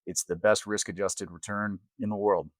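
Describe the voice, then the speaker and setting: Male podcast host, low and upbeat, dry mic. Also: fairly even intonation, moderate pace, dry recording. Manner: agreeable and enthusiastic. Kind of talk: interview chat.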